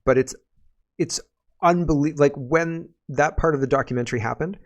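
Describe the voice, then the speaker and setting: A man with a gravelly, fry-heavy voice runs a casual commentary show, sarcastic and ranting. He keeps breaking into laughter as he talks. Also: fairly high pitch, fast. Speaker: political commentary host.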